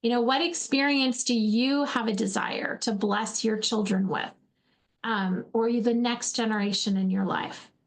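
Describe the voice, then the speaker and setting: A woman's voice: on the high side, fairly even intonation, a little slow. A woman in her forties from Alaska giving an earnest motivational talk, often calling her listeners friends and repeating words as she goes. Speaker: host, faith-based speaker.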